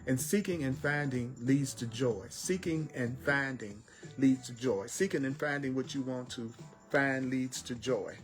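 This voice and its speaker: Emphatic man teaching with slow repetition. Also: medium pitch, faint music behind. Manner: emphatic, repeats phrases, slows down on key words. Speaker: spiritual teacher.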